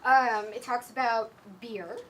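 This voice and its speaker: A woman co-hosting a live podcast, cheerful and halting as she introduces a segment. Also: fairly high pitch, distant mic, slight background noise. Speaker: podcast co-host.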